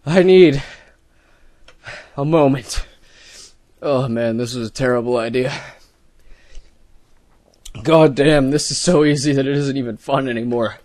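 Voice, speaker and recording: A young man giving a sarcastic, mock-dramatic reading of forum posts, swinging from exasperated shouting to low muttering between lines. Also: measured pace, pauses often, dry recording. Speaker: comedic reader of forum posts.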